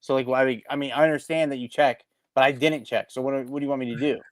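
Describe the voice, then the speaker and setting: A man co-hosting a podcast, telling a story in a rambling, animated way with lots of restarts and acted-out quotes. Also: medium pitch, fast talker, no room sound. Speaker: podcast co-host. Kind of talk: casual chat.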